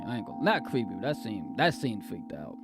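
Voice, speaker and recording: A man streaming live in casual chat, swinging between soft apologies and loud excited exclaims, laughing and cutting himself off often. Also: on the low side, a little fast, creaky, over loud music. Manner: self-interrupting, laughs often.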